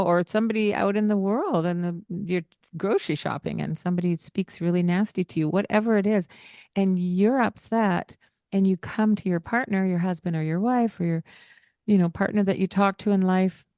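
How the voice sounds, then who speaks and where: Podcast host, woman, lowish voice, earnest coaching manner, dry close mic. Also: a little mellow, no echo. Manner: earnest, coaching tone with frequent fillers. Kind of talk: casual parenting podcast chat.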